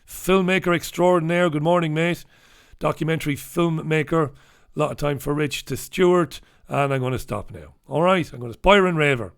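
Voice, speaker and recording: A man's voice: a little high, moderate pace, clear, resonant tone. A middle-aged man from the UK hosting a casual livestream, reading the papers and greeting viewers in an irreverent, swearing manner. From United Kingdom. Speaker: host.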